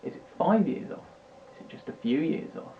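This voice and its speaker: A man's voice: a little high, very animated, moderate pace. A British man ranting and swearing in a rambling, agitated way, recorded at home at his computer. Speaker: vlogger. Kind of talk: unscripted political rant. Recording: tinny lo-fi mic with faint hiss.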